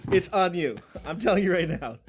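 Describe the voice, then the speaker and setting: Wry, lively-voiced male podcast co-host. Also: sits high, a little fast, slight background noise. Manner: wry and sarcastic, swears, laughs often. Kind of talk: casual chat reviewing a horror movie.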